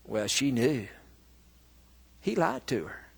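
Slow preacher in a reverberant hall. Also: male voice, mid-range voice, very animated, gravelly, husky. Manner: slow storytelling, rising to loud emphatic bursts. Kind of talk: sermon. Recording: long reverb of a large hall.

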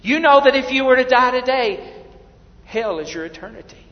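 A man preaching a sermon as pastor, swinging between hushed passages and loud, impassioned ones. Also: extremely high pitch, lively intonation, moderate pace. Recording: dull sound in a reverberant hall.

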